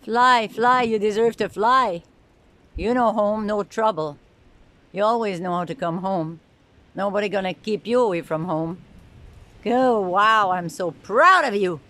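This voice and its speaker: A woman's voice: mid-range voice, measured pace, bright, forceful tone. A woman filming and cooing to her pet birds, gushing with frequent exclamations. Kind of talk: casual talk to camera and to pets.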